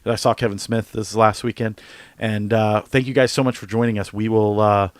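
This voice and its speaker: A man co-hosting a movie podcast, talking casually and excitedly, rambling and swearing a lot. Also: fairly low pitch, fairly quick, clear, resonant tone, no room sound. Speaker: podcast co-host. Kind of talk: casual movie review chat.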